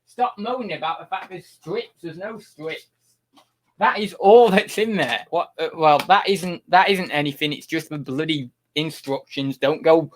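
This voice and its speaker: A man's voice: fairly high pitch, lively intonation, normal speed, fairly bright tone. A young man chatting casually on a livestream, rambling with many restarts and getting exasperated with his chat.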